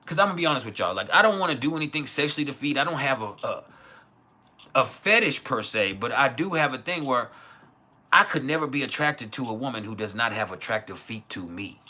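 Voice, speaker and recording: A West Texas man hosts a casual livestream, answering chat with blunt, profane opinions. His mid-range voice is expressive and sharp, and he talks fairly quickly.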